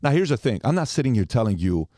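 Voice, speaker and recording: A man's voice: mid-range voice, very animated, fast talker, warm tone, dry recording, studio quality. A man in his forties telling a long story as a podcast guest, acting out the quoted lines as he goes.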